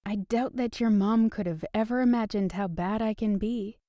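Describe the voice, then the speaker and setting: A woman's voice: medium pitch, moderate pace, warm tone, no echo, clean studio sound, natural voice. A woman voicing a playful, teasing young woman in a romance audiobook.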